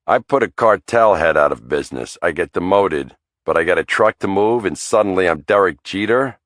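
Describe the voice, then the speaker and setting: A man tells a crime thriller audiobook in the first person, with a wry, dramatic delivery. His voice is very low and sits dry and close on a studio mic. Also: animated, moderate pace, fairly bright tone, no echo. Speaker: audiobook narrator.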